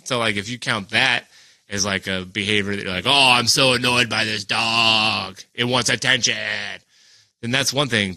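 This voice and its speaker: Give me a young man chatting on a podcast, swearing and animated, with a sharp bright tone. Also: medium pitch, dry recording. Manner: profane, animated, acts out animals in mock voices. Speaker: podcast co-host. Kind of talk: casual chat.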